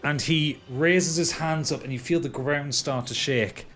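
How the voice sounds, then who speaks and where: A man's voice: fairly high pitch, unhurried, a bit bright. A man narrating as dungeon master, stumbling and repeating words as he describes the action. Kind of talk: narrating a tabletop game.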